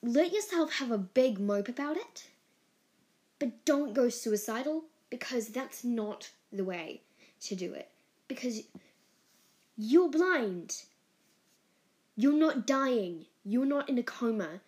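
A woman talks through her own solo podcast in an earnest, heartfelt way, letting her feelings show. Her voice sits a little high and she takes her time between words. Now and then she breaks into giggles or a burst of excitement. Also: slow pace, pauses often. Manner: earnest and heartfelt, openly emotional. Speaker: podcast host. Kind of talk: casual solo podcast monologue.

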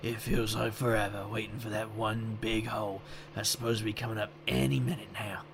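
A man's voice: on the low side, level tone, a little fast, gravelly, background noise. A man voicing a wry, sardonic male detective who narrates in first person, with dry wisecracking asides.

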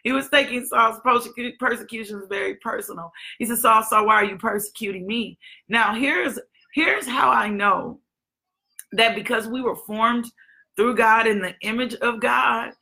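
Woman, preacher, fervent sermon, gravelly, repeats phrases for emphasis. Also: fairly high pitch, moderate pace, bright, forceful tone. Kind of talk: sermon with scripture reading.

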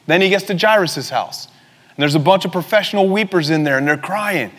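A young man preaching a sermon in a church, in a casual, energetic style with bits of slang. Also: sits high, a little fast, in a large hall.

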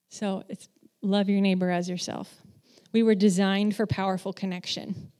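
A woman speaks at a medium pitch and ordinary pace, her tone clean. She works in children's ministry and delivers a chatty sermon, candid and poking fun at herself. She's animated and performs the voices of the people she quotes.

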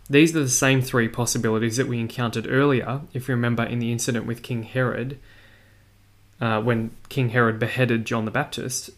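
A man teaching a Bible study lesson. He explains a passage verse by verse in a steady, explanatory way. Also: medium pitch. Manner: explanatory, walks through a text verse by verse.

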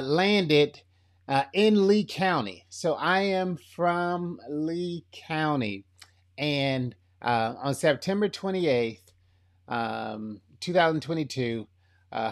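Chatty Florida man with a country twang. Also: a little high. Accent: Florida, slightly country Southern. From Florida, USA. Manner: chatty, upbeat, frequent fillers and restarts. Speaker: podcast host. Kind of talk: casual faith podcast talk.

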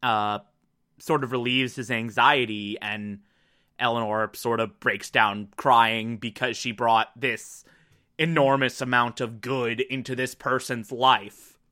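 Giggly man with a bright voice. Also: mid-range voice, little pitch movement, slow. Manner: keeps breaking into laughter, swears casually. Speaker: TV episode reviewer. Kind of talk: casual episode recap.

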